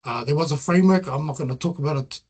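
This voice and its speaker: A middle-aged man with a New Zealand accent, his voice sitting a little higher than most men's. He presents his research in an earnest, reflective way. He weaves Māori words into his English as he speaks. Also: fast talker, darkish tone, husky. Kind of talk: presentation talk with slides.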